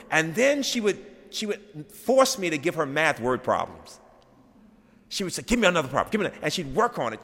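A middle-aged man giving a dedication speech, telling a personal story and moving from hushed to loud and animated. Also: medium pitch. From Birmingham, Alabama. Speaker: college president, plenary speaker. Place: large chapel. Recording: long hall reverb.

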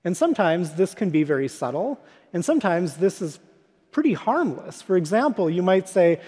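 High-voiced man preaching in a hall. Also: very animated, moderate pace, darkish tone, husky. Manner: storytelling, conversational preaching. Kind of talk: sermon. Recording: long hall reverb.

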